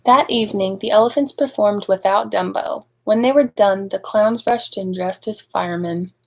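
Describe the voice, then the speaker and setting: A woman reading a picture book aloud to young children, expressive and adding chatty asides to her listeners. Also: mid-range voice, normal speed, slight background noise, poor audio. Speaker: storybook reader at a speech clinic.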